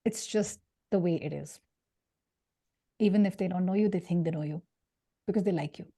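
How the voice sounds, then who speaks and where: A woman from India leading an interactive career workshop, lively and jokey, putting questions to her audience. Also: fairly low pitch, moderate pace, breathy edge. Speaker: career speaker.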